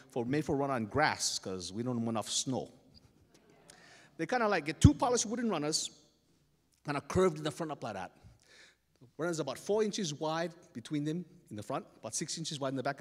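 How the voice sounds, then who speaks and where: A man from Hawaii with a Hawaiian Pidgin accent telling a folktale on stage, dramatic and animated, pausing to explain slang. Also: a little high, long reverb tail. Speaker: storyteller. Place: festival stage.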